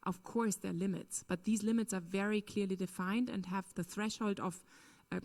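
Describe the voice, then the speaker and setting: At a conference, a woman with a mid-range, darkish voice answers a question during a lecture Q&A. Her intonation is fairly even and her pace moderate. She speaks earnestly and emphatically, filling her answer with "um" and "you know."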